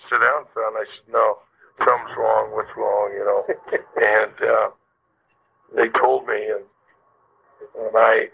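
A man's voice: on the low side, gravelly, husky. An older man, a former ballplayer, telling stories in an interview, rambling with many fillers and restarts. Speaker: former baseball player, interviewee. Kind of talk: storytelling interview. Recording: dull lo-fi recording.

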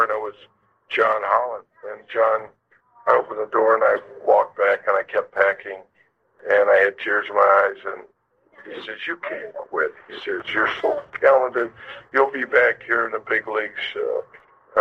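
In a storytelling interview, this ex-ballplayer, now older, rambles through his stories with plenty of fillers and restarts. He speaks in a lowish, slightly rough voice with vocal fry, captured on a dull, lo-fi recording.

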